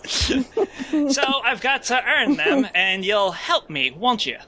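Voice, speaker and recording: A man's voice: very high voice, very animated, takes it slowly, sharp tone, heavily acted, poor audio. A man playing a bumbling, foul-mouthed male guardian angel in a jokey comedic script read-through. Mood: playful. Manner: crude, jokey, giggling. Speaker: player reading a script aloud.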